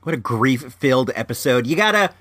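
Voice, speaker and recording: A man's voice: medium pitch, animated, a little fast, fairly bright tone, dry recording. A man hosting a podcast, telling stories in a casual, rambling way. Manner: rambling anecdotal storytelling. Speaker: podcast host.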